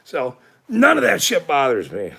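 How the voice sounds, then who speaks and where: A man's voice: a little high, wildly swooping pitch, unhurried, vocal fry, sharp tone, slightly rough. A middle-aged man hosting a livestream, ranting at his chat in a profane, combative way with frequent laughs. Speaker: livestream host.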